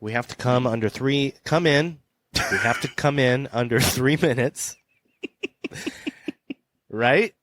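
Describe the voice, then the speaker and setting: A man's voice: mid-range voice, takes it slowly, pauses often, a bit bright, dry recording. A man hosting a casual podcast, teasing his co-host in a playful, upbeat way. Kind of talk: casual chat.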